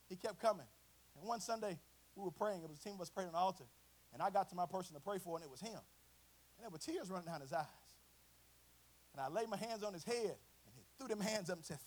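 A man preaching a sermon, swinging from a quiet storytelling voice to chanted, shouted climaxes. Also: high-pitched. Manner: chanting, shouted climaxes with congregational call and response; drops to a quiet conversational storytelling voice.

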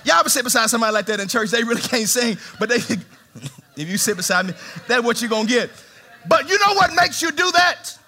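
A man preaching to his congregation with a high, bright voice. His delivery is lively and swooping, dropping to near whispers, then rising into shouts. He jokes with the crowd and asks them to answer back. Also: fairly quick. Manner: animated preaching, swings from shouts to hushed tones; humorous, calls on the congregation. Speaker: pastor. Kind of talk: sermon. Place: church sanctuary.

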